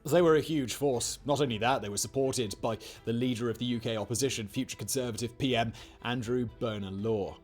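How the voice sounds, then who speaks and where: A man's voice: medium pitch, fairly quick, soft background music. A man narrating a scripted history piece with wry, jokey asides. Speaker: documentary narrator.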